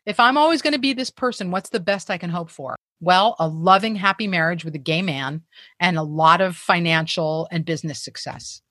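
A woman's voice: on the low side, a little fast, a bit bright, dry recording, studio quality. A woman guest telling candid, self-deprecating stories in conversation, with frequent profanity.

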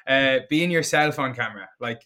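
A man's voice: mid-range voice, normal speed, pushed and bright. An Irish man, a fitness content creator, talking casually as a podcast guest, blunt and joking, swearing freely. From Ireland.

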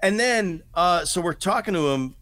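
A middle-aged man telling a story as a podcast guest in a rambling, animated way, with many restarts and fillers. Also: high voice, moderate pace, dry recording. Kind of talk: casual storytelling chat.

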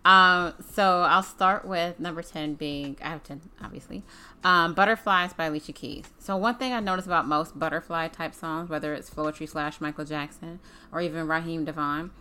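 A woman's voice: low-pitched, steady tone, moderate pace, bright, forceful tone, a little hiss or hum. A woman co-hosting a casual music chat, playful and laughing, often acting out song lyrics in voices. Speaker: co-host.

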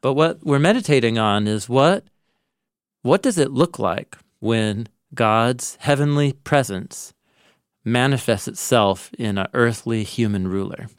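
A man co-hosting a podcast, casually walking through a Bible story and acting out its lines with animated delivery. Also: mid-range voice, a little slow, clear, resonant tone, no room sound, clean studio sound. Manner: animated storyteller, acts out quoted lines with laughs. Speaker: podcast co-host, Bible teacher. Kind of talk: casual conversational Bible discussion.

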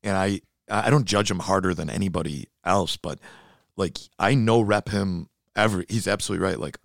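A man co-hosting a casual fitness chat, blunt and animated, who gets fired up while he talks. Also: sits low, a little fast, vocal fry, dry recording, studio quality.

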